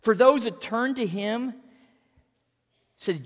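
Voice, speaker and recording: A pastor in their fifties delivers a sermon with a lively voice that swings up and down. The delivery is earnest and animated, and words often get repeated. The sound carries a long reverb from a church hall. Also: medium pitch, a little slow. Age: 50s.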